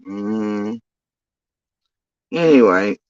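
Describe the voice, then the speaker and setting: A man's voice: fairly low pitch, animated, drawn-out words, dry recording, highs cut off. A man telling a long story in a casual commentary rant, profane, rambling and exasperated.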